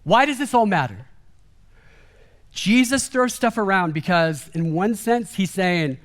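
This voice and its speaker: A man preaching a sermon in a casual, conversational way, animated and acting out quoted lines. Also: sits high, unhurried. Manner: casual and chatty, peppered with "like" and "kind of"; animated, acts out quoted speech with a raised voice. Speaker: guest preacher. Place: church service.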